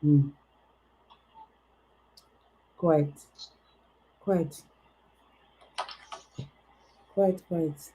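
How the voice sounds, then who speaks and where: A woman's voice: low voice, steady tone, extremely slow, warm tone, dull audio, a little hiss or hum. A woman putting on a put-on accent as a lofty, old-fashioned oracle during a livestream tarot reading, speaking in archaic, formal phrases.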